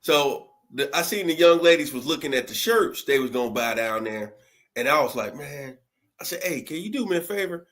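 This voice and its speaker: A man's voice: fairly high pitch, lively intonation, fairly quick, fairly bright tone. A man co-hosting a casual podcast, easygoing and hesitant as he starts a story. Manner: easygoing, hesitant with fillers, laughs along. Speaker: guest co-host.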